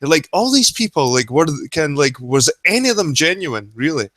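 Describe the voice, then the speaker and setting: A man's voice: fairly high pitch, very animated, normal speed, a bit bright, no room sound. A man hosting a casual chat, asking loose, rambling questions. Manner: chatty, loose, trailing sentences. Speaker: host.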